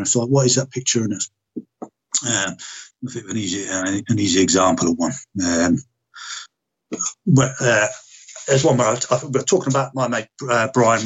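Man, husky, blunt storyteller, swears a lot and acts out old conversations. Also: fairly low pitch, fairly bright tone. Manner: blunt, heavy swearing, reenacts dialogue. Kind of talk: casual storytelling chat.

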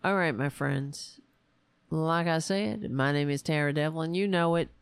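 A woman's voice: sits low, unhurried, smooth, dry recording. A woman hosting a political livestream, blunt and sarcastic, outraged at politicians, tired and with a strained voice. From United States. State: tired, voice going. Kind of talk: casual livestream political commentary.

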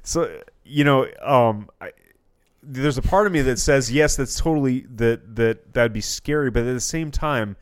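A man's voice: medium pitch, unhurried, clear, resonant tone, dry recording, clean studio sound. A man co-hosting a podcast in casual chat, rambling with restarts and swearing freely. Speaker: podcast co-host.

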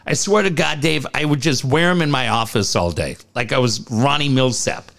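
A man's voice: mid-range voice, normal speed, gravelly, fairly bright tone. A man co-hosting a sports podcast in casual, blunt and profane talk. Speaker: podcast co-host.

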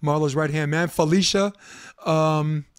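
A man hosting a podcast, telling rambling, animated stories in casual chat and swearing freely as he goes. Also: a little high, a little slow, clear, resonant tone, no room sound, clean studio sound. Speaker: podcast host.

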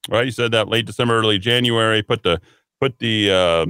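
A man's voice: lowish voice, a little fast, bright, forceful tone, smooth, no room sound, studio quality. A man hosting a political talk radio show, delivering an emphatic, sarcastic monologue.

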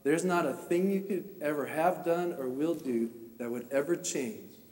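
A man preaching a sermon through a personal story, talking with emotion that swells into impassioned shouting. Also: on the high side, a little slow. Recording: echoey hall, voice from far off.

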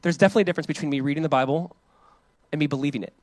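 A male pastor preaching a sermon in a casual, conversational way, playing out the voices in his quotes and dropping to a soft hush when he reflects. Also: fairly high pitch, rapid-fire, dry recording.

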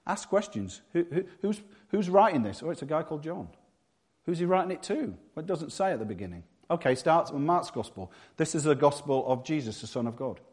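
A man from England preaching a sermon with humor, acting out quick voices and quotes. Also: on the high side, big pitch swings, darkish tone, husky.

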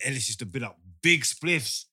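A man's voice: mid-range voice, lively intonation, normal speed, sharp tone. A man telling slangy anecdotes in casual chat, laughing easily. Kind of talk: casual storytelling.

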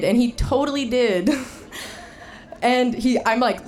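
Woman telling a lively personal story. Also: on the high side, moderate pace. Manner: animated, laughing, shouting the quoted lines. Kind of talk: personal story told to an audience.

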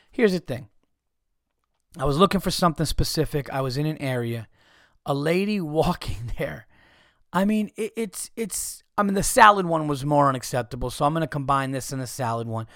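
A man hosting a podcast, telling stories in a profane, animated comedic rant with frequent restarts. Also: mid-range voice, no echo, studio quality. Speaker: podcast host.

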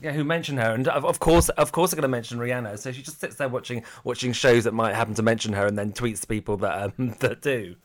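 A man's voice: medium pitch, quick pace, few pauses. A man co-hosting a podcast in casual chat, playful and crude, laughing a lot. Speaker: podcast co-host.

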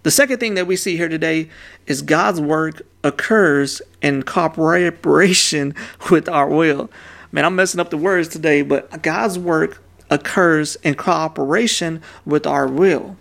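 Male pastor, 30s, gravelly fry, casual street-talk sermon delivery. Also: a little high, measured pace, fairly bright tone. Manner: casual, conversational preaching with slang asides.

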